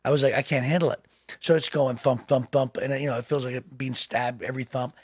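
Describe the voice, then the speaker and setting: Guy on a podcast telling a story, animated, laughs a lot, dry sound. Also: medium pitch, brisk, husky, dry recording. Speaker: podcast co-host. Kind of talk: casual chat.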